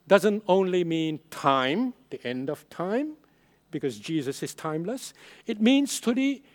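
Slow, emphatic male pastor preaching. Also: on the high side. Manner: emphatic preaching with swings in loudness; repeats and stresses key phrases. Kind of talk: sermon.

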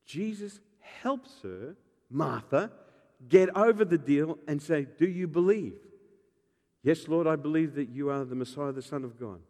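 A male pastor preaches a sermon, telling stories with jokes and acting out the voices. His voice sits fairly high and swings widely in pitch. It rings through a hall with a long reverb tail. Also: unhurried. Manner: animated storytelling, acting out voices, joking.

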